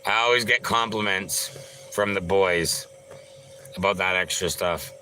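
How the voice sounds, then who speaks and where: Man, livestream host, slightly low voice, unhurried drawl, jokey rambling chat, calls out viewers by name. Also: sharp tone, slight background noise, rough recording. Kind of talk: casual live-stream chat.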